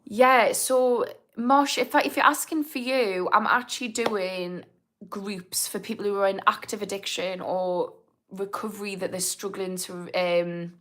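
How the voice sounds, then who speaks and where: A woman's voice: medium pitch, fairly even intonation, unhurried, a bit bright. A woman in her thirties with a British accent speaks in an easy, chatty way while hosting a live Q&A. She answers viewers' comments by name, often trailing off and starting her sentences again. Her tone stays frank and down-to-earth. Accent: British English. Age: 30s. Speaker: recovery coach hosting a live Q&A. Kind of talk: casual live-stream chat, reading comments.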